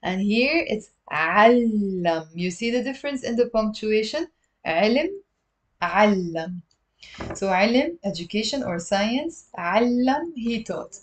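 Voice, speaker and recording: Patient woman teaching a live language lesson. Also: a little high. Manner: patient, explains step by step and drills pronunciation; answers viewer questions from live chat. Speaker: online Arabic teacher.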